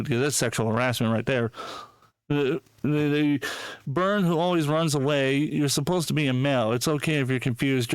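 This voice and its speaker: A man's voice: a little high, clear, resonant tone, dry recording. A man hosting a podcast, ranting with heavy profanity, mocking and indignant, reading posts aloud and laughing. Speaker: podcast host. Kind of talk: casual podcast rant.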